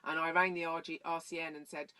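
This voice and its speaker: A woman's voice: flat delivery, fast, pushed and bright, smooth. A woman telling stories in a casual chat, rambling and going off on tangents. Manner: acts out quoted voices in a much higher pitch. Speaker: guest. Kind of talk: casual storytelling.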